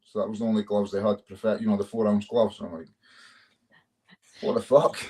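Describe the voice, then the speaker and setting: Talking very fast in a lowish, dark, steady voice, a man from Scotland, an MMA fighter, spins stories in a relaxed interview. He swears freely and chuckles as he goes.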